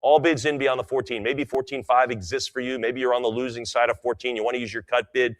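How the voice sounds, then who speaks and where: A man's voice: mid-range voice, steady tone. Chatty middle-aged man calling auction bids. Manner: rapid repeated bid calls mixed with chatty enthusiastic asides. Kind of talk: live auction bid calling.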